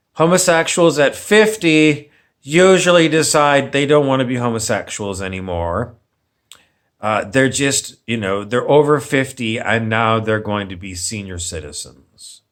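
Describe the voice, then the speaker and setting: A man's voice: mid-range voice, a bit bright. A man ranting on camera as a vlogger, sarcastic and meandering, often repeating himself. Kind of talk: rambling opinion rant.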